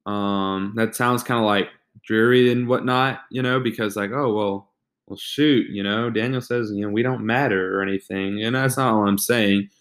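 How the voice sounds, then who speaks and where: Man, young adult, low voice, hesitant, casual faith podcast talk. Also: fairly even intonation, normal speed, a bit bright. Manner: hesitant, many restarts and fillers. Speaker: podcast co-host.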